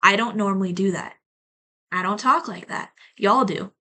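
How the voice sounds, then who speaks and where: A woman's voice: mid-range voice, moderate pace, pushed and bright. A woman giving a casual tarot reading to her viewers, chatty and rambling with lots of "like" fillers, calling her audience y'all. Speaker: tarot reader.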